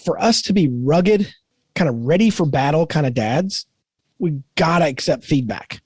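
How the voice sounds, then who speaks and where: A man's voice: a little high, moderate pace, husky, dry recording. A middle-aged man co-hosting a faith-based podcast, talking earnestly and animatedly about growing as a dad. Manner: earnest, animated storytelling with quoted voices. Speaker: podcast co-host.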